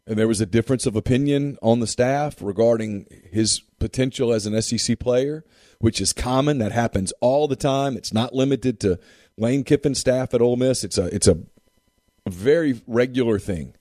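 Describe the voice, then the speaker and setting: A man's voice: medium pitch, moderate pace, warm tone, no echo, clean studio sound. A man co-hosting a casual sports talk show with an emphatic, repetitive way of making his points. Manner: emphatic, repeats phrases for effect.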